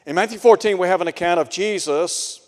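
A man's voice: sits high, a little fast. A man preaching a sermon in an earnest way, asking his listeners rhetorical questions. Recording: long hall reverb.

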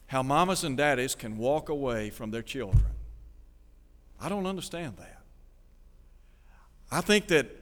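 A man's voice: medium pitch, fairly bright tone, big-room sound. A man preaching a sermon, reading scripture and putting questions to his listeners. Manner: asks the listeners rhetorical questions.

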